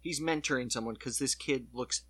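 A man in casual podcast chat, excited and swearing as he retells scenes. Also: mid-range voice, moderate pace, husky.

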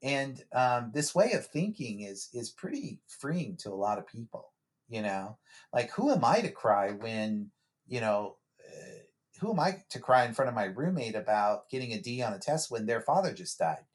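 A man's voice: mid-range voice, sing-song, normal speed. A man who works as a therapist, a guest on a podcast, speaking in a reflective, conversational way with frequent restarts and repeated words.

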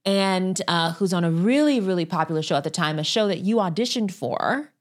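Lively, eager woman podcast host. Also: lowish voice, fairly quick. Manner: eager, lively questioning, laughs a lot. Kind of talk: casual interview chat.

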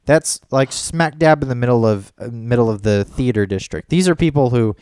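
A man's voice: mid-range voice, normal speed, a little mellow, smooth, dry recording, studio quality. A man telling a story in a casual podcast chat, rambling and swearing often. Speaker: podcast co-host.

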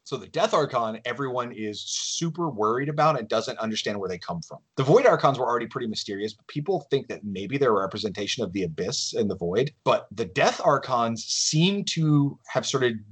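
A man's voice: medium pitch, animated, a little fast, few pauses, husky. A man on a podcast enthusiastically explaining game lore, often restarting his sentences. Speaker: game designer guest. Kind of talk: casual podcast chat.

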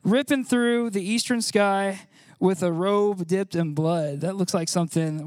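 High-voiced man giving a chatty sermon. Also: fairly even intonation, moderate pace, a little mellow, no echo, studio quality. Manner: chatty, laughs often, many fillers. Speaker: church speaker. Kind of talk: informal sermon.

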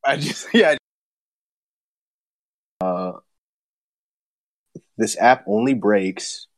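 A man's voice: fairly low pitch, lively intonation, very slow, dry recording. A man hosting a podcast in casual chat, rambling and laid-back, laughing often and swearing, recorded over a remote voice chat. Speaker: podcast host.

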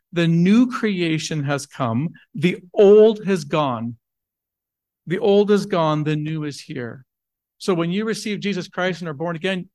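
A man's voice: fairly high pitch, no echo. A man preaching a sermon in an earnest, emphatic way, asking rhetorical questions and then answering them. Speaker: pastor.

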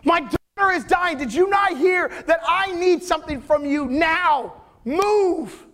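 A man voicing a desperate father who shouts in frantic, impatient pleading. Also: very high voice, measured pace, voice pushed up.

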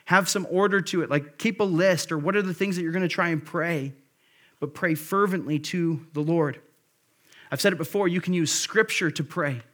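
A man's voice: fairly high pitch, normal speed, a bit bright. A man preaching a sermon as pastor, earnest and exhorting, rising in force for emphasis.

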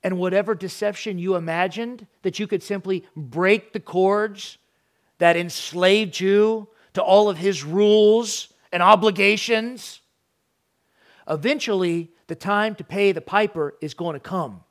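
A middle-aged man preaching a sermon, animated, acting out parents and children in raised voices. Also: high voice, measured pace. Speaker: pastor.

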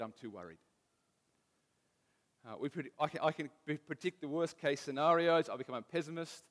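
Heard in a large, roomy space, a slightly high male voice delivers a relaxed sermon full of home stories. He pokes fun at himself, keeps it conversational, and restarts his sentences often.

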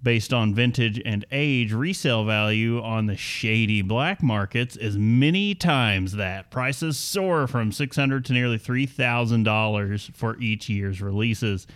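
A man's voice: on the low side, a little slow, few pauses, fairly bright tone, clear, resonant tone. A young adult man co-hosting a casual chat, reading news items aloud with a wry tone and frequent laughs. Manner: chatty, laughs often, reads news in a wry tone. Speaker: podcast co-host.

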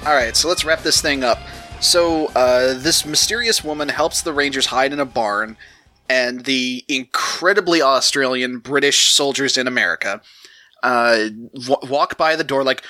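Bright-voiced man hosting a podcast. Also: mid-range voice, moderate pace, no echo, soft background music. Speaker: podcast host. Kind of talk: casual chat recapping a show.

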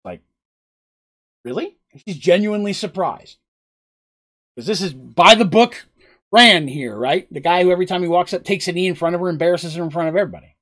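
A man casually retelling a tabletop game story on a live stream, chatty and animated, with asides to his chat. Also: sits high, brisk, pauses often.

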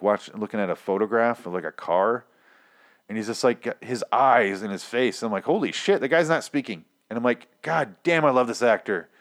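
A man hosting a casual solo podcast, rambling and swearing freely as he recaps a TV series. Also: on the low side. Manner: rambling, profane, animated. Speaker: podcast host.

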